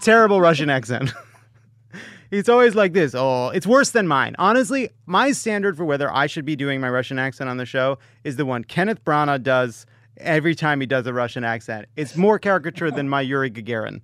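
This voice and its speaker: A man hosting a comedy podcast, telling jokes and animated stories with punchlines. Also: mid-range voice, fairly quick, no room sound, studio quality. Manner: joking, animated storytelling with punchlines. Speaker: podcast host.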